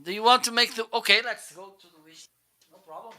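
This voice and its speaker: A man's voice: very high voice, pushed and bright. A man from South Africa co-hosting a live shopping stream, demoing a mic and speaker with playful jokes. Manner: playful, joking, unhurried. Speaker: live shopping show co-host. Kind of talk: casual live-stream product demo. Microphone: handheld mic through a speaker.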